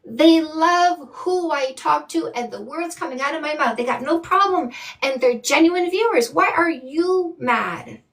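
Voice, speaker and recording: A woman's voice: high voice, expressive, normal speed, distant mic. A woman from Canada hosting a live stream as a dating coach, reading viewer comments with blunt, sassy emphasis. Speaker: dating coach and livestream host.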